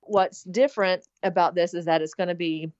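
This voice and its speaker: A woman's voice: fairly low pitch, fairly even intonation, normal speed, darkish tone, no room sound. Woman, middle-aged, earnest rambling interview guest, muffled lo-fi recording. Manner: earnest, rambling, many fillers. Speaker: interview guest planning a hospital. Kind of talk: casual interview talk. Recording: dull lo-fi sound.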